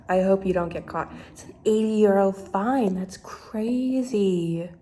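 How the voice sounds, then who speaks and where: A woman's voice: mid-range voice, normal speed, few pauses, dark tone. A woman in her twenties chatting casually in a vlog, rambling and filling her talk with "like". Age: 20s. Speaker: vlogger.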